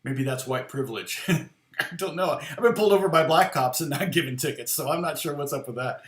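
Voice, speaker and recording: Man, middle-aged, casual storyteller, chuckling asides, somewhat high-pitched, echoey room. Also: animated, brisk, fairly bright tone. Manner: rambling, chuckling anecdotes. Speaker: guitar teacher.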